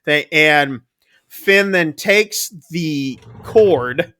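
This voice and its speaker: A man's voice: on the high side, lively intonation, slow pace, a bit bright. A man co-hosting a casual movie review, retelling the plot loosely with many fillers. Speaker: podcast co-host.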